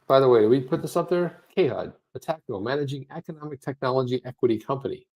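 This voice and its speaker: A man's voice: mid-range voice, fast, darkish tone. Jokey rambling male co-host. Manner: rambling, jokey, self-deprecating. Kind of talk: casual crypto livestream chat.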